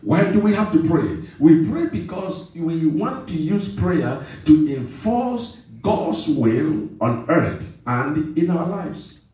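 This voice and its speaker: A man's voice: on the high side, expressive, takes it slowly, mellow. A man preaching a sermon, urging call-and-response from the congregation and repeating phrases for emphasis. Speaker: pastor. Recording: echoey hall from far off.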